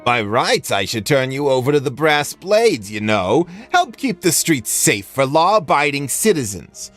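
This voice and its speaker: A man's voice: mid-range voice, very animated, unhurried, a bit bright, soft background music. A man putting on a bullying, sneering merchant. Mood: sly.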